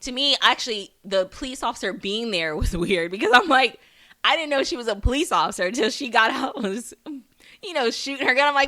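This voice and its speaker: A woman's voice: a little high, lively intonation, a little fast, bright, forceful tone. A woman hosting a podcast, recapping a TV episode in a casual, rambling way with many fillers and restarts, and swearing for emphasis. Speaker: podcast host.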